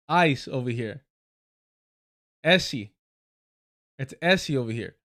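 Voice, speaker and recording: Reacting live to clips on his stream, this man delivers mocking, sarcastic rants full of profanity and frequent laughter. He has a somewhat bright voice, pitched a little high.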